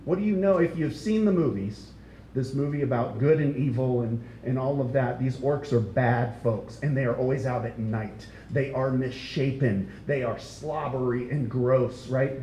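A man delivers an expository sermon in a mellow, warm tone, speaking conversationally and stressing key words. He often puts questions to the congregation. The sound is roomy, with a faint low rumble behind him. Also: normal speed. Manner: conversational, emphatic, asks the listeners questions. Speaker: pastor.

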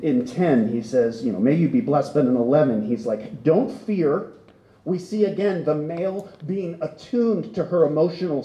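A man's voice: mid-range voice, warm tone, echoey room. A man preaching a sermon in an earnest, conversational way that builds to impassioned emphasis. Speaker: pastor.

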